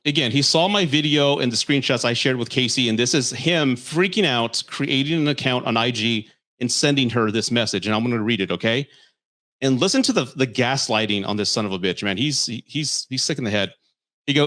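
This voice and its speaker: A man's voice: mid-range voice, a little fast, sharp tone. A man talking in a casual commentary vlog, heated and blunt, swearing freely and stammering through restarts. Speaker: commentary creator.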